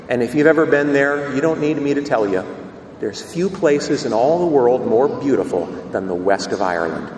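A man preaching a sermon as a Catholic priest, telling stories in an animated, emphatic way, in a church. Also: on the high side, a little hiss or hum. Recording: echoey church from a distance.

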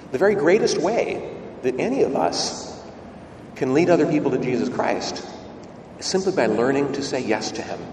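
A man's voice: mid-range voice, a little mellow, slight background noise. A male priest preaching a conversational homily in a church, asking rhetorical questions and stumbling over repeated words. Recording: echoey church, far from mic.

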